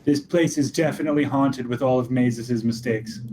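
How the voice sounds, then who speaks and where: A man's voice: mid-range voice, steady tone, normal speed. A man playing a tabletop game and tossing in playful asides. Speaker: player. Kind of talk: casual tabletop chat. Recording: noisy background.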